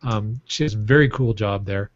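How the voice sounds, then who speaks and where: A podcast co-host rambles through his stories in casual chat, laughing often, his voice fairly low at a normal speed. He's recorded on a stand-mounted microphone, and the podcast audio sounds muffled and dry, with a crowd in the background.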